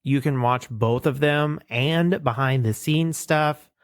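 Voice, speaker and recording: A man's voice: medium pitch, slow pace, dry recording, studio quality. Casual man recapping cartoons with gusto. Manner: animated retelling, acts out lines. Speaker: podcast co-host.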